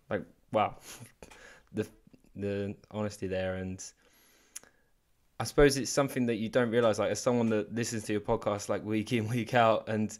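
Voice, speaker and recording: A man hosting a podcast interview, chatty and laughing often, often trailing off and restarting his sentences. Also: fairly low pitch. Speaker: podcast host. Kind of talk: casual interview.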